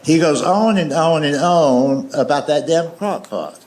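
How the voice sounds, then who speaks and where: A man's voice: a little high, unhurried, slight background noise. Man telling stand-up stories. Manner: drawling deadpan storytelling, folksy. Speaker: stand-up comedian. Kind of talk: stand-up storytelling. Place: comedy stage before a live audience. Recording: echoey live venue.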